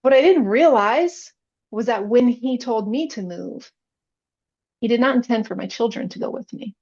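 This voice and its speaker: A woman's voice: on the high side, normal speed, a little mellow, muffled recording. A woman podcast guest, a chaplain, telling her personal faith story in an earnest, emotional way.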